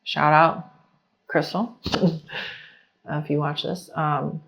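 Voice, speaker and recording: A woman's voice: deep voice, very slow, vocal fry. Chatty woman telling her life story. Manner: chatty, many fillers, animated retelling. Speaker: interviewee. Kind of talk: casual personal testimony.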